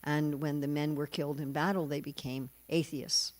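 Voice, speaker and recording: A woman's voice: low voice, little pitch movement, moderate pace, a little mellow. An older woman preacher giving a scripture class in a temple, telling stories and acting out the voices of the people in them with humor. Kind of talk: sermon. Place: temple hall.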